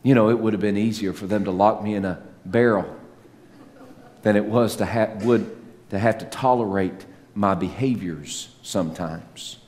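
A middle-aged man preaching a sermon, animated, swinging between loud peaks and soft low asides, with self-mocking humor. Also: moderate pace. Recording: long hall reverb, faint ambience.

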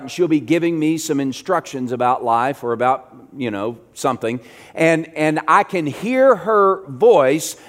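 A middle-aged pastor preaching a sermon, moving from quiet, low passages to loud, emphatic ones, often repeating words as he builds.

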